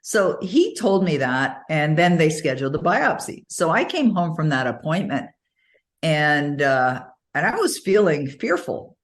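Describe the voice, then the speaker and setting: A middle-aged woman giving an interview, telling stories in a lively way and often laughing as she talks. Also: deep voice, measured pace. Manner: animated storytelling, frequent laughs. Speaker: interview guest. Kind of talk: casual interview conversation.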